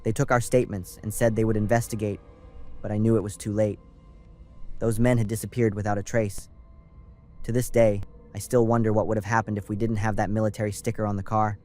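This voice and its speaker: A young man from California calmly narrating a scripted first-person horror story. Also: on the low side, brisk. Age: young adult. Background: faint music.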